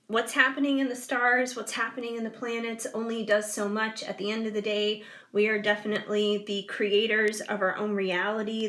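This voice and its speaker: A woman's voice: mid-range voice, a bit bright. A woman reading tarot cards for viewers in a chatty, rambling way, with lots of fillers, yawning now and then. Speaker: tarot reader.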